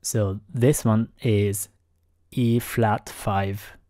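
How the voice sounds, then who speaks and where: A man hosting a lesson on singing technique, explaining in a careful, halting way and keeping his voice down because it is late at night. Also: on the low side, steady tone, mellow, no echo, studio quality. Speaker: host analyzing singing technique. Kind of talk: explanatory commentary.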